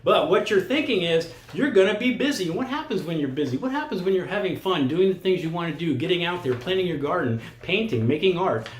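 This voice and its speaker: A man's voice: high voice, lively intonation, a little fast, few pauses. Blunt older man, roomy echo. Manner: blunt, challenging, talks straight at the viewer. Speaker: vlogger giving expat advice. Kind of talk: casual monologue to camera. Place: lives in Costa Rica.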